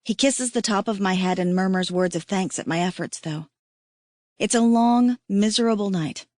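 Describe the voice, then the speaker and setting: A woman narrating a romance audiobook in first person, steady and intimate. Her voice sits at a middle pitch on a close mic. The sound is dry, with no room around it. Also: dry recording.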